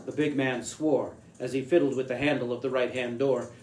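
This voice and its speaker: A man's voice: mid-range voice, fairly even intonation, moderate pace, a little mellow. Man reading a story in an echoey room. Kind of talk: reading a short story aloud. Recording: echoey room with faint hiss.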